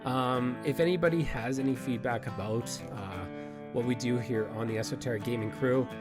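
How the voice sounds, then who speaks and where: A man's voice: mid-range voice, normal speed, music in the background. A man co-hosting a casual gaming chat, joking and laughing often. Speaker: co-host.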